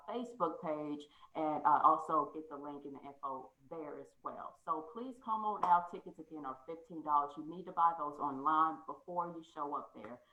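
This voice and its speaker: A woman's voice: deep voice, phone-quality sound. Joking woman host in an echoey room. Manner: loose, joking, quick to laugh. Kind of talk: casual video call chat.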